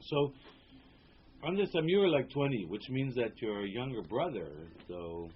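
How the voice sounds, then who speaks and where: A man interviewing for an oral history, asking careful, halting questions. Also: medium pitch, expressive. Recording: slightly muffled recording with faint hiss.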